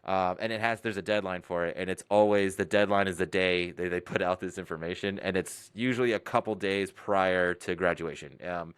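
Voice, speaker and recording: A man who is a Navy drill instructor, answering interview questions in a relaxed, rambling way with laughs between points. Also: low voice, fairly quick, few pauses, smooth, no room sound. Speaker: Navy recruit division commander, guest.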